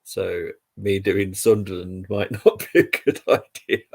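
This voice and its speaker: A young man hosting a livestream of football updates talks in a low, unhurried voice with vocal fry and a darkish tone. His chat is casual and rambling, packed with fillers.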